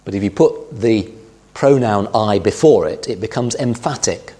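A middle-aged man delivers a sermon, walking through scripture in a measured way. His voice sits low and has a husky edge. He leans on quoted verses for emphasis. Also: warm tone. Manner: measured Bible teaching, quoting scripture with emphasis. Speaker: preacher.

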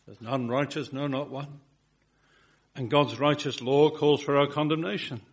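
A man preaches a sermon from the pulpit, his slightly husky voice at a moderate pace with fairly even intonation. Emphatic, swelling lines give way to single words spoken low and soft, all in an earnest, rhythmic delivery.

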